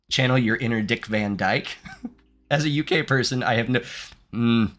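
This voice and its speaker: A man's voice: medium pitch, expressive, measured pace, long pauses, pushed and bright. A man from the United States streaming gameplay, reading game text aloud and chatting playfully with his viewers, laughing often. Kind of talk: live-streamed gameplay commentary.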